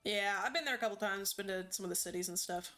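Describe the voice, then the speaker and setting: A woman's voice: mid-range voice, fast, bright, forceful tone, faint music behind. A woman streamer chatting casually as she plays, rambling and hesitant with many ums.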